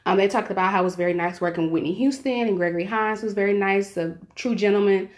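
A woman co-hosting a podcast in casual chat, playful and teasing, and quick to laugh. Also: medium pitch. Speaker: podcast co-host.

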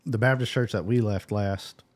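A man interviewing a friend in casual conversation, talking haltingly and repeating his words. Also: lowish voice, fairly even intonation. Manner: backchannels, speaks haltingly with repeats.

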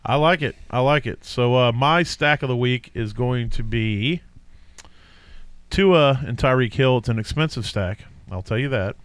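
A man's voice: medium pitch, measured pace, smooth, dry recording. Rambling man on a fantasy football podcast. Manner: rambling, with many fillers and self-corrections. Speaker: podcast co-host. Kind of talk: casual fantasy football chat.

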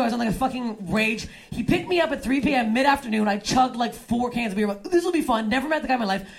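A young woman doing stand-up comedy, telling crude stories and throwing quick asides to the audience. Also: high voice, creaky, noisy background. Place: comedy club stage before a laughing crowd. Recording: live club with audience laughter.

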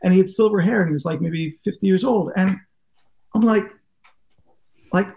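A man's voice: high-pitched, moderate pace, creaky, long pauses, warm tone, dull audio. A man, a journalist and podcast guest, telling rambling, self-deprecating stories in casual interview talk and acting out what people said. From United States. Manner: rambling anecdotes, curious, self-deprecating, acts out quotes.

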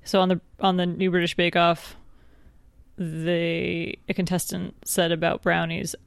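A woman's voice: fairly low pitch, level tone, unhurried, creaky, clear, resonant tone, no room sound. A woman co-hosting a podcast in casual chat, teasing and laughing often. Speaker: podcast co-host.

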